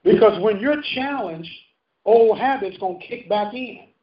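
High-voiced man preaching in a roomy church. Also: measured pace. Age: 50s. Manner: call-and-response preaching, rising and falling emphasis. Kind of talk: sermon. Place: church sanctuary. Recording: roomy muffled church recording from a distance.

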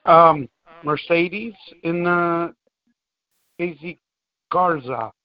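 A man co-hosting who answers in halting, unsure bits and trails off. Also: fairly high pitch, no room sound, muffled recording. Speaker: co-host.

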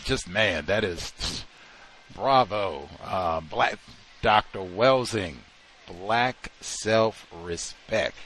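This radio talk show host delivers an unscripted monologue, talking off the cuff with slang and fillers. His voice sits on the low side, husky with a fairly bright tone.

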